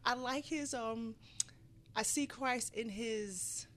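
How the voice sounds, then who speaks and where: A middle-aged woman with a fairly high voice, talking earnestly at a podcast table. She muses aloud and takes her time with her thoughts, with faint noise in the background. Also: a bit bright. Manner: earnest, musing, slows down to reflect. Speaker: guest, the host's mother. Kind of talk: casual round-table chat.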